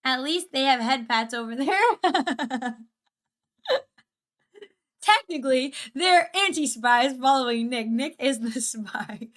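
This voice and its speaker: A woman's voice: high voice, expressive, takes it slowly, a bit bright. A young woman streaming a reaction video, chatting casually with a bubbly, giggly and easily sidetracked manner. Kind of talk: casual livestream reaction chat.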